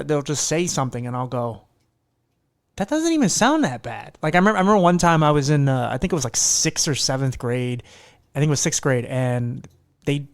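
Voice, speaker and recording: A man's voice: fairly high pitch, smooth, no echo. A man hosting a casual podcast conversation, talking in a sarcastic way and swearing freely. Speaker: podcast host.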